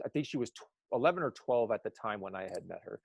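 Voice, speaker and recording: A man's voice: lowish voice, lively intonation, quick pace, vocal fry, slightly rough, dry recording. A man who works as an eyewitness sketch artist, talking in a casual podcast conversation and rambling with many restarts.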